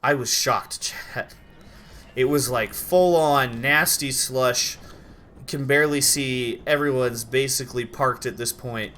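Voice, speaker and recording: A sleepy young man from Idaho chatting casually on a live stream while gaming, rambling with quick outbursts. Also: medium pitch, sharp tone, soft background music. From Idaho, USA.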